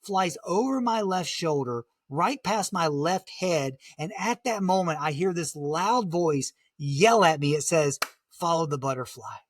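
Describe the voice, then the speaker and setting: Man, high voice, dry close sound, vivid halting storytelling, lots of fillers. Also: animated, no echo. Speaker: guest, motivational speaker. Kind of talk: conversational storytelling.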